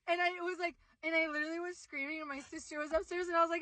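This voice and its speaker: Young woman vlogging, bright forceful voice, bit high, dry close sound, rambly and excitable. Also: quick pace, no echo. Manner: excitable, animated, screams in retold moments, many "like"s. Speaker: vlog host. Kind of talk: casual storytelling vlog.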